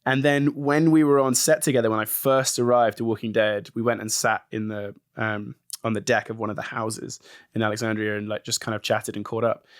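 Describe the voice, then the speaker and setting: A man's voice: on the low side, fairly quick, no echo. Chatty English man, dry close sound. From England. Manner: chatty, animated storytelling with acted quotes. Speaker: actor guest. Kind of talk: casual podcast interview.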